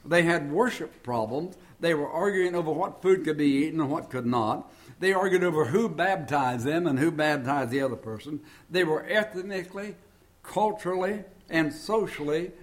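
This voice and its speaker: A man's voice: fairly high pitch, lively intonation, moderate pace. An older man preaching a sermon in a folksy way, mixing scripture with jokes and homespun stories. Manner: folksy, joking storyteller.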